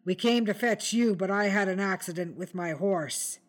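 A woman's voice: mid-range voice, normal speed, lightly acted. A woman reading aloud, voicing an injured young male servant who answers in frightened, gasping replies. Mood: pleading.

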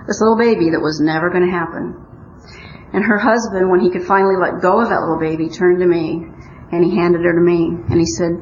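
An older woman tells her recovery story in an earnest, wry way. Her voice sits a little low. The recording is muffled and roomy, with faint noise behind her. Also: fairly even intonation, fairly quick. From Omaha, Nebraska. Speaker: speaker at a recovery meeting. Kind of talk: personal recovery share.

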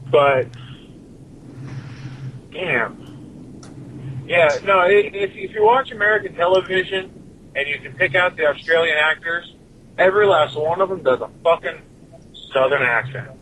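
A man's voice: fairly high pitch, sing-song, measured pace, long pauses, bright, forceful tone, slight background noise, low-quality recording. A man giving a profane, rambling rant as a listener's recorded message to a podcast, swearing constantly and drifting from point to point.

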